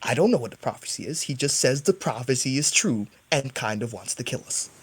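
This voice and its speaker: A man at a mid pitch plays in a tabletop game, talking quickly and animatedly and saying "like" often. He explains his character's moves in a casual, chatty way. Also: slightly rough, no room sound. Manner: quick, animated, says "like" a lot. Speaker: player.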